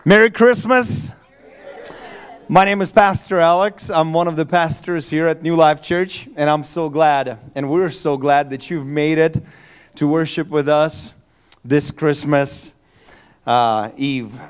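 A male pastor giving a Christmas Eve sermon in a church, telling stories in a relaxed, joking, conversational way with fillers. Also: a little high, slow pace, clean tone. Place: church sanctuary.

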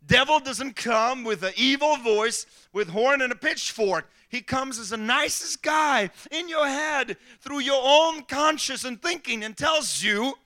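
High, bright-voiced pastor preaching. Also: male voice, unhurried, hardly any pauses. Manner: animated storytelling, acting out quotes. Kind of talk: sermon.

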